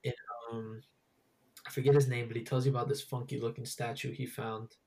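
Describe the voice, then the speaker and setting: A young man hosts a casual chat about video games in a gravelly, husky voice. He rambles loosely and fills his sentences with plenty of fillers and restarts. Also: mid-range voice, level tone, a little fast, a little mellow. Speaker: podcast host.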